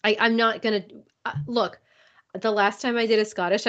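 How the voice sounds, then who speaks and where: A woman's voice: medium pitch, fairly even intonation, moderate pace. Easygoing woman co-host, slightly muffled sound. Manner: easygoing, laughs often, hedges with "like" and "right?". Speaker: podcast co-host. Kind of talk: casual book-review chat.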